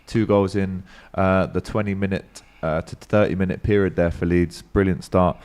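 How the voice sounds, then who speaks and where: A man's voice: sits low, flat delivery, normal speed, a little mellow, clear, resonant tone. A man hosting a live football show, reading out scores and viewer comments with a lot of fillers. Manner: reads scores and chat comments with filler words. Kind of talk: live stream score updates and banter.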